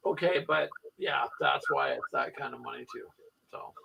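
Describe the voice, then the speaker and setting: A man's voice: mid-range voice, moderate pace, gravelly, far from the mic, heavy background noise. A man hosting a casual chat, joking and teasing his co-hosts. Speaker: host.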